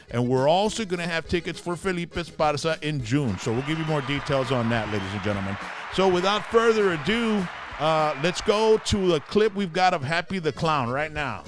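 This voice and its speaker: A man, hosting a live show in an upbeat, promotional manner. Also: fairly high pitch. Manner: upbeat, promotional, switches into Spanish. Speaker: host. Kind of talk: casual live-show chat.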